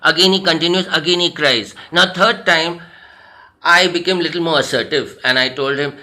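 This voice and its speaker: A man's voice: fairly high pitch, normal speed, bright, forceful tone. A man with an Indian English accent, a personality development trainer telling a story in a motivational talk, earnest and repeating phrases for emphasis.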